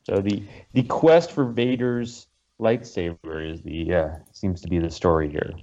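A man's voice: low voice, a little slow, warm tone, muffled recording. A man in a casual chat, making wry, questioning asides.

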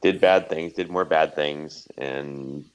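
A man's voice: a bass voice, steady tone, slow, clear, resonant tone. A man co-hosting a podcast over a call, giving blunt, enthusiastic comments in casual chat. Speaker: podcast co-host.

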